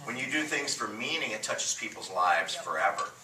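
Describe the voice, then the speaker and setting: A man's voice: fairly low pitch, lively intonation, moderate pace, distant mic, a crowd in the background. A man teaching a church class, an emphatic and joking storyteller who leads the group in call-and-response. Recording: roomy room mic from afar, faint noise.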